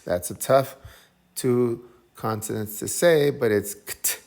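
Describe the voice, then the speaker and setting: A man's voice: on the low side, takes it slowly, darkish tone. A man teaching English phonics, patiently sounding out each syllable and repeating whole words several times. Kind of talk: phonics lesson.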